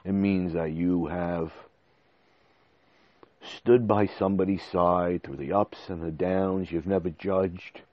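A man's voice: low voice, fairly even intonation, slow pace, dry recording, highs cut off. A man in his forties hosting a podcast, talking to listeners in an emotional, rambling way and restarting his words. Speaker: podcast host. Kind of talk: casual monologue. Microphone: desk microphone.

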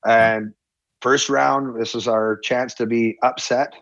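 A former hockey player telling a story in a casual chat, acting out the quotes with a raised voice. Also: male voice, medium pitch, slow pace, gravelly, no room sound, lo-fi sound. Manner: animated, acts out quotes with a raised voice.

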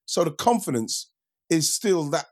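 A man's voice: fairly high pitch, big pitch swings, unhurried, darkish tone. A man chatting on a podcast, telling sports stories in a reflective way and often repeating words as he goes. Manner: reflective, repeats himself while storytelling. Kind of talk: casual chat.

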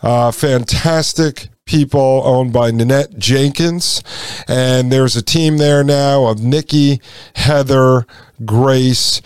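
A man in his forties, a podcast host, telling a personal story in a relaxed conversational way and speaking straight to his listeners. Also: mid-range voice, takes it slowly, clear, resonant tone, no room sound. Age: 40s. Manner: conversational, addresses listeners as folks.

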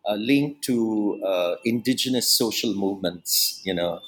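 A man's voice: on the low side, unhurried, fairly bright tone, rough recording. A man being interviewed about his book, talking in a reflective way with frequent asides and restarts. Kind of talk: academic interview.

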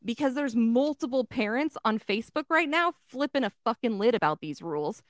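A woman's voice: a little high, fairly quick, no echo, studio quality. A woman in her thirties telling a story in casual chat, blunt and full of swearing. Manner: blunt, profane, animated storytelling. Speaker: podcast co-host telling a story.

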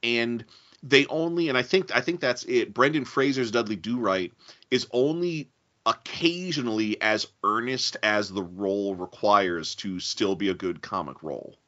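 A man with a low, bright, forceful voice talks casually about a film as a podcast co-host. He is analytical and often restarts his words while he thinks. The sound is dull and lo-fi. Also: moderate pace. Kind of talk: casual chat.

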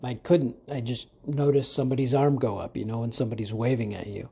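A man's voice: mid-range voice, steady tone, quick pace, vocal fry, dark tone, slightly rough. A man hosting a podcast, talking in a casual monologue with jokey, rambling asides. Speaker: podcast host.

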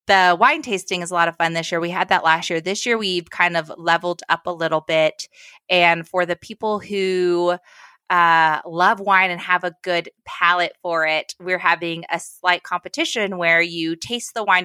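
A woman's voice: lowish voice, sharp tone, clean tone, no room sound, studio quality. A woman talking as a guest on a podcast, upbeat and chatty, with frequent filler sounds. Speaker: events director, podcast guest. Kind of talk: casual podcast conversation.

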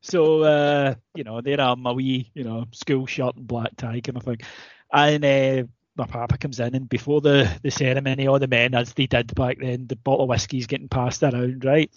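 A Scottish man co-hosting a podcast, telling a swearing, animated anecdote and laughing through it. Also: mid-range voice, moderate pace, dry recording, muffled recording. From Scotland. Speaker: podcast co-host. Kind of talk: casual storytelling chat.

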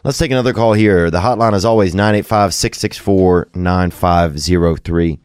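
A man's voice: sits low, normal speed, darkish tone, smooth, no echo, clean studio sound. A man hosting a casual call-in podcast, rambling and joking crudely, then giving earnest advice. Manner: loose, rambling, crude jokes with sincere advice. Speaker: podcast host taking calls. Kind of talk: casual call-in show chat.

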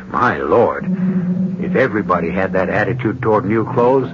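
Low wry guy narrating a radio mystery, lots of lilt, hissy muffled old broadcast. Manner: wry, measured storyteller. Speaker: host and narrator.

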